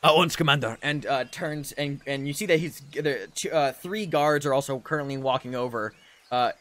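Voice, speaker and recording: A man's voice: medium pitch, normal speed. Rambling man running a tabletop game. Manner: loose, rambling narration with many fillers. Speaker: dungeon master.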